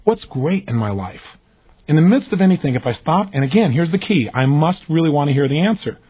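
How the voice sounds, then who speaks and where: A man giving an energetic recorded self-help lesson, acting out the questions he describes in lively voices. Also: on the high side, brisk, breathy edge. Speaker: motivational speaker. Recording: tinny phone-like audio.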